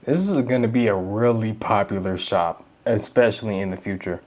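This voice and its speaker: A man's voice: lowish voice, moderate pace, a little mellow. A man commenting casually on a video game playthrough, joking and using slang. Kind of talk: casual let's-play reactions.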